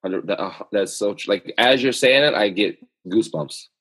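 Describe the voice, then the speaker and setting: A man's voice: fairly low pitch, normal speed, a bit bright, slightly rough. A man speaking as an interview guest, talking in an earnest, emphatic, motivational way as he tells personal stories. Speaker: guest, author and speaker on self-awareness. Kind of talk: podcast interview conversation.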